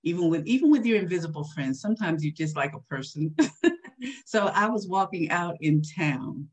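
A woman in her sixties, husky-voiced, recalling a personal story in a candid interview with a soft laugh now and then. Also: fairly low pitch, animated, normal speed. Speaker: guest.

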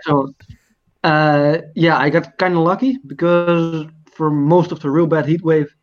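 A man chatting casually, pausing often with ums. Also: a little high, fairly even intonation. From Netherlands. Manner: halting, many ums and pauses. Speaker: guest on call. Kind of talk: casual chat. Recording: dull lo-fi call audio.

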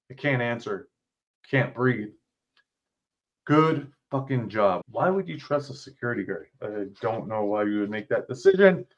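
A man's voice: medium pitch, lo-fi sound. Casual man reading his own story aloud. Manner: casual, blunt, swears freely. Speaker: author and podcast host.

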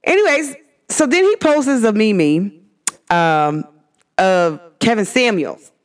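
Animated woman venting. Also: mid-range voice, slow. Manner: animated, venting, retelling arguments with quoted back-and-forth. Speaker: podcast host. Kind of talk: casual monologue.

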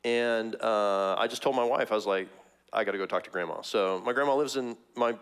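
A middle-aged male pastor from Missouri preaching a casual, conversational sermon with many fillers and frequent laughs, jumping up in pitch when he acts out a story. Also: a little fast, fairly bright tone, clean tone. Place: church sanctuary.

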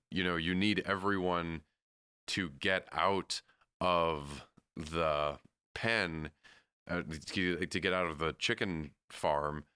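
A man's voice: sits low, pushed and bright, clear, resonant tone, dry recording, clean studio sound. A man co-hosting a podcast, discussing a film in casual chat, thoughtful and hedging. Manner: thoughtful, hedging, acts out quotes. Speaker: podcast co-host.

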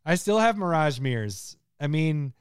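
A man's voice: fairly high pitch, very animated, normal speed, clear, resonant tone, dry recording, clean studio sound. A man in his thirties co-hosting a casual podcast, laughing often and telling stories with animation. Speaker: podcast co-host. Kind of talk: casual chat.

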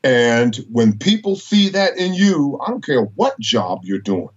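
A man's voice: medium pitch, sing-song, a little slow, husky, highs cut off. A middle-aged man, a college professor, telling stories emphatically and preacherly, with biblical references. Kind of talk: inspirational storytelling interview.

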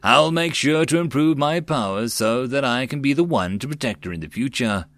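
A man's voice: medium pitch, animated, normal speed, fairly bright tone, dry recording. A man voicing an earnest, hopeful young male mage in an audiobook, in a slightly raised voice. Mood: determined.

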